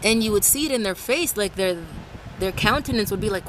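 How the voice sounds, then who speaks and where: A woman's voice: medium pitch, a little fast, poor audio. A woman from Ecuador vlogging casually outdoors in the rain and wind, rambling and restarting her sentences. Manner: rambling, restarts often, animated when quoting others. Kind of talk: casual talk to camera. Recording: faint outdoor traffic noise.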